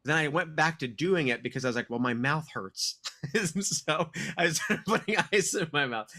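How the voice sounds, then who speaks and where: A man's voice: a little high, animated, moderate pace, bright, forceful tone. A man in his thirties, a podcast co-host telling a long rambling story in casual chat, swearing and laughing often.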